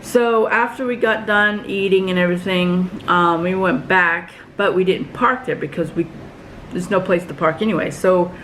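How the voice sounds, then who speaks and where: A woman vlogger telling a long story in a rambling, halting way, full of fillers and restarts. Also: lowish voice, fairly even intonation, a bit bright, a little hiss or hum, low-quality recording. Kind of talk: casual story vlog.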